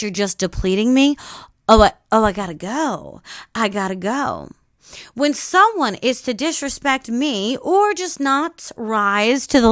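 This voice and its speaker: A woman's voice: high voice, dry recording, studio quality. Sassy emphatic woman podcast host. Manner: sassy, emphatic, swings from calm to loud exclamations. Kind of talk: motivational self-help talk.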